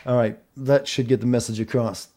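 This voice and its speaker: A man's voice: medium pitch, steady tone, brisk, warm tone, a little hiss or hum. A man streaming a video game, chatting casually with viewers about connection problems and his play.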